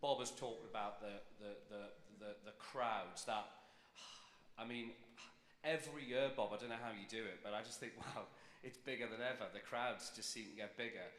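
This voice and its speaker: A middle-aged British man with a London accent addresses students at a ceremony, enthusiastic and chatty. His voice is bright and forceful. It rings out with long reverb across a big hall. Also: on the low side, steady tone, normal speed. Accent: British English, London. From Britain. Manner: enthusiastic, chatty, building to cheers. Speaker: civic official giving a speech. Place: large hall with audience.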